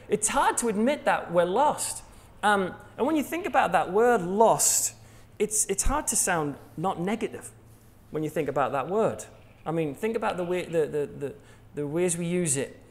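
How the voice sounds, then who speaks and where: Jokey English preacher, slightly high voice. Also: male voice, animated, moderate pace, few pauses. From England. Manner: jokey, conversational, laughs at his own jokes. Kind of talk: sermon.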